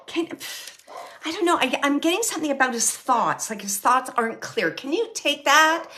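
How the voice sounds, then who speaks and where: A woman giving a live mediumship reading in a slightly high voice. She searches for her words with constant fillers and restarts, and often trails off into a soft, near-whispered murmur. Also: big pitch swings, normal speed. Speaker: psychic medium host.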